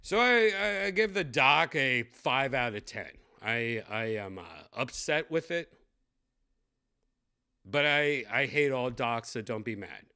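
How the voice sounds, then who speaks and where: Slow-talking profane man ranting. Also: medium pitch, expressive, pushed and bright, smooth. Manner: blunt, profane, ranting, with lots of fillers. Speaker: tech vlogger unboxing a VR headset. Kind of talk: casual unboxing commentary.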